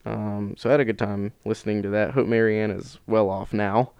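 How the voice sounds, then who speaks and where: A man's voice: on the low side, level tone, a little fast, smooth, dry recording, lo-fi sound. A man co-hosting a podcast, chatting casually and teasing his friend with jokes. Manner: joking, teasing banter. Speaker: podcast co-host. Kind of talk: casual chat.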